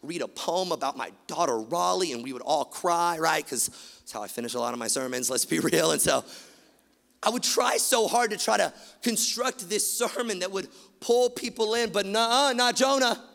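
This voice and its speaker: A man preaching a sermon, animated, swinging from loud emphatic lines to quiet, hushed ones. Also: high voice, moderate pace, creaky. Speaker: pastor. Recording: long hall reverb.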